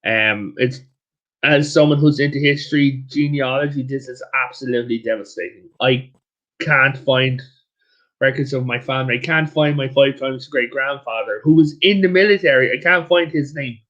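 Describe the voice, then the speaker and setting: A man with an Irish accent, a guest on a casual history show, telling history stories in an animated, rambling way with many restarts. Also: mid-range voice, normal speed, lo-fi sound. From Ireland.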